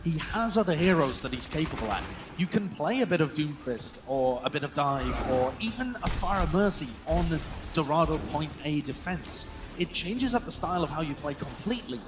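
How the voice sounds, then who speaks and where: A man giving measured, analytical color commentary on an esports match. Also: a little high, lively intonation, noisy background.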